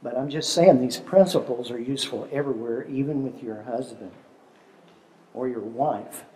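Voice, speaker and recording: A man's voice: mid-range voice, moderate pace, a little mellow, poor audio. An older man speaking as a seminar presenter, telling stories in a conversational way and asking the audience questions. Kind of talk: relationship seminar talk.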